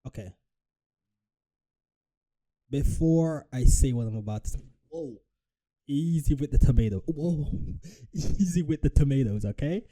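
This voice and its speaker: A man talking over a clip on his stream, his voice deep-toned and mellow. He swears freely and stays animated. He breaks into mocking impressions of the people on screen. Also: a little slow, pauses often. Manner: profane, animated, mocks with impressions. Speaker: reaction streamer. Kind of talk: live reaction commentary.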